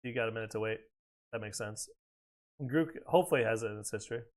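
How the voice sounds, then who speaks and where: A man from the United States with a lowish voice talks fast while streaming a video game. He chats casually and profanely, rambling between reactions to the play.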